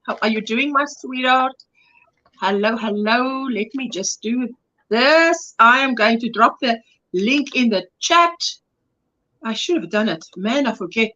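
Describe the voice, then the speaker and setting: A woman's voice: high voice, bright, forceful tone, poor audio. A woman hosting a crochet livestream, chatting casually and affectionately greeting her viewers by name. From South Africa.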